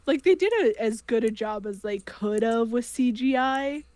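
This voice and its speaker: A woman's voice: a little high, normal speed, darkish tone, no echo. A woman chatting casually on a livestream, emotional and rambling with lots of fillers. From United States. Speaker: co-host.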